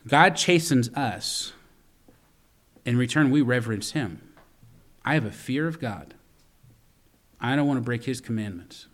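A man's voice: mid-range voice, animated, unhurried, pauses often. A middle-aged man preaching a sermon as pastor, earnest and full of stories, with frequent stumbling restarts.

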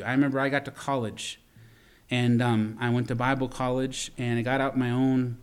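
A middle-aged man preaching a sermon as pastor, earnest and full of stories, with frequent stumbling restarts. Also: medium pitch.

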